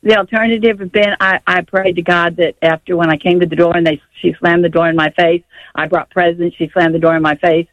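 A woman's voice: lowish voice, steady tone, brisk, dry recording. An older woman calling in to a radio show, telling her story in a rambling way full of restarts and rising emotion. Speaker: radio call-in caller. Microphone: phone line. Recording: dull, dry phone-line caller audio.

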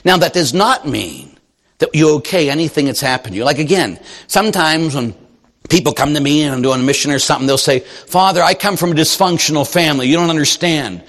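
A man's voice: on the high side, lively intonation, a little fast, a bit bright, in a large hall. A man preaching as a Catholic priest, telling stories animatedly and acting out the voices of the people he quotes. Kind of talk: sermon.

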